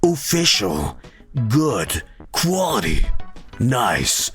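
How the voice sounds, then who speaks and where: A man's voice: lively intonation, normal speed, pauses often, fairly bright tone, faint music behind. Rambling, profane young male streamer. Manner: rambling, profane, breaks into high silly voices. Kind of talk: casual live-stream chat.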